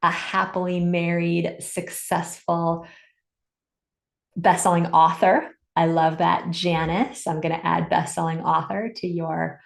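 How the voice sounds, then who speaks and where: A woman's voice: fairly low pitch, little pitch movement, slow pace, creaky. Encouraging woman coach, echoey room. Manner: upbeat, encouraging, reads chat comments aloud. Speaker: summit host and business coach. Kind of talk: live webinar coaching talk. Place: home in Santa Cruz.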